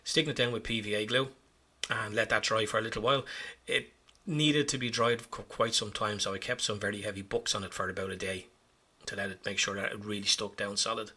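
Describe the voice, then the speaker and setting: Bright, husky-voiced man narrating his hobby. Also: fairly low pitch, fairly even intonation, fairly quick. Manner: chatty, self-mocking, rambling. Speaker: hobby vlogger. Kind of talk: casual voice-over narration.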